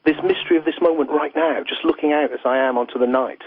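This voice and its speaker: A man's voice: a little high, fast talker, gravelly, dry recording. Earnest English man over a tinny phone line. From England. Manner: earnest, flowing, uses "you know" often. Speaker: philosopher and guest. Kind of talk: reflective interview talk.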